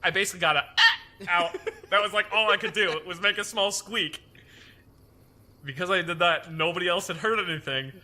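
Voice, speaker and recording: A man's voice: sits high, a little fast, sharp tone. A young man telling a funny army story to a group, laughing through his lines. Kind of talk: comic storytelling.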